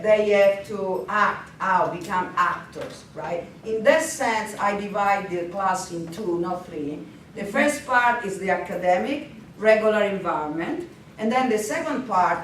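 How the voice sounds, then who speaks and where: Woman presenting in a very echoey room. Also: mid-range voice. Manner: lively, often laughing, frequent hesitations. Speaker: language instructor presenting at a teaching workshop. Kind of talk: workshop presentation. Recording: very echoey, distant, faint noise.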